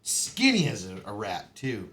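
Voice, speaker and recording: A man's voice: fairly low pitch, huge pitch swings, measured pace, background noise. A man, a former Marine, telling raunchy boot camp stories on a podcast, swearing freely, laughing often and acting out the voices in his quotes. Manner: profane, laughing, acts out quotes. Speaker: podcast guest. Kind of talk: casual storytelling.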